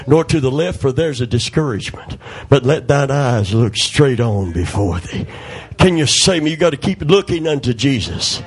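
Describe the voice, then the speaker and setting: A middle-aged man preaching from the pulpit, his voice husky and pitched a little high. He draws the congregation in with call-and-response and homespun stories, then swings into sudden shouts. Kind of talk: sermon.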